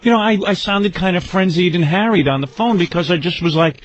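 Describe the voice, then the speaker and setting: A man's voice: sits high, brisk. A man hosting a radio talk show, telling a rambling, complaining story in a casual way. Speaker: radio host. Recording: muffled lo-fi radio recording.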